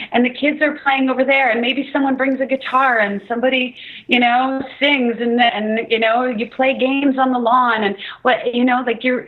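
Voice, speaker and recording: A woman from Canada hosting the show, asking chatty, loosely phrased questions over a Skype call. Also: a little high. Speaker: radio host. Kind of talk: remote interview over Skype. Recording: thin lo-fi Skype call line.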